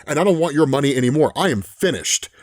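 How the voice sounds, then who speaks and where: A man's voice: a little high, animated, quick pace, no echo, studio quality, lightly acted. A man reading a worn-down defiant reporter.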